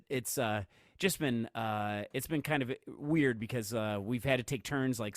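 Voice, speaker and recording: In a dry, clean studio recording, a medium-pitched man co-hosts a podcast. He chats casually and tells stories, rambling with many fillers and restarts and laughing readily.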